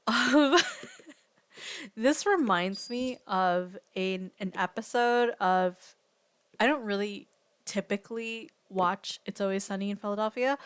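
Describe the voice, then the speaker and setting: A woman's voice: mid-range voice, smooth, dry recording. A woman streamer telling a long story in casual chat, rambling with many fillers and restarts.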